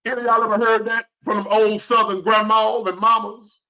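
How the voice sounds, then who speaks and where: A man's voice: high-pitched, little pitch movement, brisk, sharp tone. A man in his fifties giving a blunt, profane, preachy motivational rant to the camera. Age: 50s. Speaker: vlogger.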